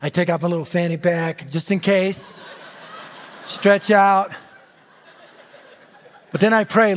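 A middle-aged American man preaching a storytelling sermon, animated and dramatic, dropping to a hush for emphasis. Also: high-pitched, normal speed, pauses often. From United States. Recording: reverberant hall.

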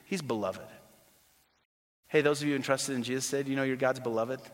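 A man preaching a sermon as a pastor. He is animated and sometimes drops to a soft hush. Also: medium pitch, fairly quick. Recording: long hall reverb.

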